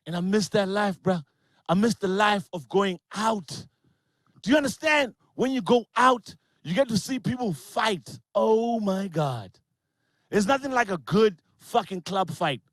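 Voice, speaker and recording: Brash comedian, high voice. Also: male voice, measured pace, no room sound. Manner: brash, crude, animated storytelling with voiced characters. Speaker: stand-up comedian. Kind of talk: online stand-up set.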